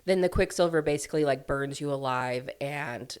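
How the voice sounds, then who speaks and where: A woman's voice: extremely low pitch, normal speed, clear, resonant tone. A woman casually recapping a book plot as a reviewer, chatty and full of "like" and "um" fillers. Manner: chatty, filler-heavy, lots of "like" and "um".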